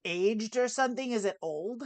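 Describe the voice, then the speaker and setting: A middle-aged woman co-hosting a casual chat show, telling stories in an animated, chatty way. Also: fairly high pitch, normal speed, a loud crowd. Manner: chatty, animated storytelling with laughs. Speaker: co-host.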